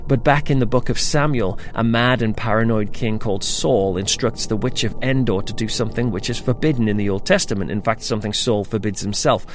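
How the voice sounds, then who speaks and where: A man's voice: lowish voice, a little fast, hardly any pauses. A man hosting a podcast, chatting through his topic with self-deprecating asides. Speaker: podcast host. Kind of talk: casual scripted podcast talk.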